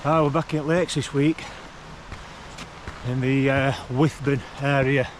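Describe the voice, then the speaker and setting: A man's voice: mid-range voice, fairly even intonation, slight background noise. A man, out of breath as he chats casually while climbing a forest track for his hiking vlog. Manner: chatty, rambling, unhurried. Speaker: hiking vlogger. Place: forest track outdoors, walking uphill.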